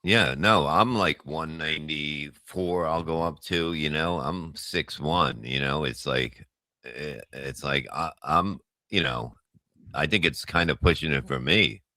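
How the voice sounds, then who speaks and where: A man's voice: extremely low pitch, measured pace, sharp tone, no room sound. A man chatting casually on a show, rambling and teasing. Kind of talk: casual chat.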